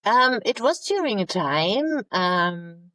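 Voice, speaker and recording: A woman's voice: medium pitch, big pitch swings, pushed and bright, dry recording, low-quality recording. Lady speaking english, stops and restarts a lot, dry close sound. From Germany. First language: German. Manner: halting, searching for English words. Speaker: guest, naval officer. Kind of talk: conversational interview storytelling.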